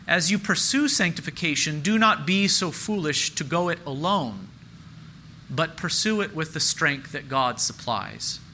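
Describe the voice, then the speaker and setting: A man's voice: fairly high pitch, bright, forceful tone, a little hiss or hum, rough recording. A man preaching a sermon as pastor, earnest and emphatic, repeating key phrases and lifting his voice on questions.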